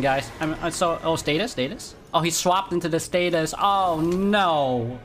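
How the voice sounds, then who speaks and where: A man's voice: on the high side, measured pace, fairly bright tone, soft background music. A man streaming gameplay, reacting in a frantic, pleading, exasperated way.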